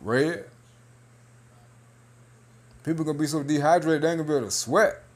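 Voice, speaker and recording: Speaking at a normal pace in a somewhat high voice, this religious video commentator reads news out casually. He jokes halfway, laughs, and keeps dropping "hey" and "man."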